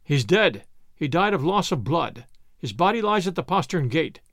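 A man's voice: a little high, sing-song, a bit bright, no echo, clean studio sound, heavily acted. A man reading a grim besieged colonel. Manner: grim, measured. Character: grave military colonel, besieged, stern.

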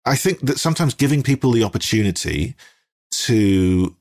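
A man's voice: medium pitch, moderate pace. A British man chatting as a podcast guest, rambling with many ums and restarts and livening up when he acts out little exchanges. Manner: animated when acting out quoted exchanges. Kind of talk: casual conversation.

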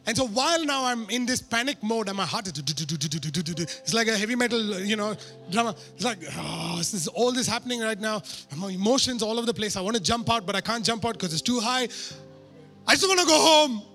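A man preaching a sermon through a personal story, animated and poking fun at himself. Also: high voice, quick pace, faint music behind. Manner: animated, self-mocking humor.

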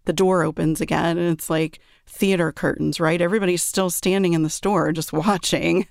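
Woman telling a story about her kid, earnest, gravelly voice, dry close sound. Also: lowish voice, steady tone, moderate pace, no echo. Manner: earnest, reflective, frequent "right?" check-ins. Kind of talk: personal storytelling.

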